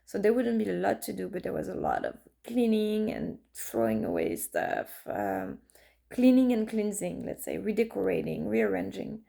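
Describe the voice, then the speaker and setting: A woman's voice: mid-range voice, wildly swooping pitch, normal speed, gravelly, dark tone. A woman in her thirties, an artist, chatting casually and telling personal stories with many fillers and restarts. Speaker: artist and vlogger. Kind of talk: casual storytelling monologue.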